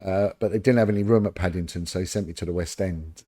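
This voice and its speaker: Warm-voiced London man telling anecdotes. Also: sits low, quick pace. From London, England. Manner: animated anecdotes, acting out quoted voices. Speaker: former police detective, podcast guest. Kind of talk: casual storytelling interview.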